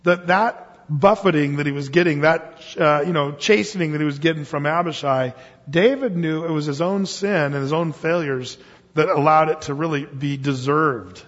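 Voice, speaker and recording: A male preacher delivers a sermon in a lively, conversational way, firing off rhetorical questions. His voice is husky and sits a little high. It rings through a long-echoing hall on a muffled recording. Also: normal speed.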